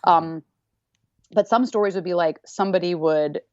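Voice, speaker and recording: A woman's voice: on the low side, normal speed, no room sound. A woman dance teacher talking in a casual interview, emphatic and repeating phrases for weight. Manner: emphatic, repeats phrases, acts out people's voices. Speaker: dance teacher, podcast guest. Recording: dull, slightly lo-fi, dry sound.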